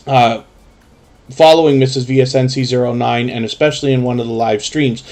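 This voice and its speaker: A man's voice: medium pitch, darkish tone. A man hosting a casual live stream, reading chat names aloud and chatting with frequent ums. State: sleepy, yawning.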